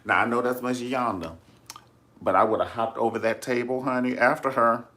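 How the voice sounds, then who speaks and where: A man's voice: mid-range voice, fairly even intonation, moderate pace, bright, forceful tone. A man chatting casually about celebrity news in a sassy, dramatic way, often calling viewers honey. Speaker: vlogger discussing celebrity news. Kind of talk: casual chat to camera.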